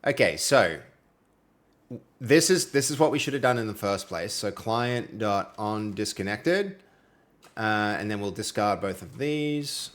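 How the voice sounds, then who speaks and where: A young programmer with an Australian accent streams live, casually chatting to viewers while coding and reading their messages aloud as they appear. His voice is on the low side, at a normal speed. The conversation is loose and friendly, laden with fillers.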